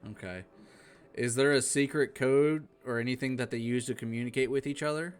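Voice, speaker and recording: A man's voice: medium pitch, a little fast, clear, resonant tone. A man playing in a tabletop game, talking in a plain, matter-of-fact way. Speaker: player. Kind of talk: casual tabletop game play.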